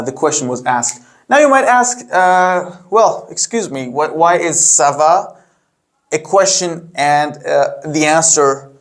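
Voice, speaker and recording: A young man teaching a beginner language lesson in a patient, casual way, with many fillers. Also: fairly high pitch. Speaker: French teacher.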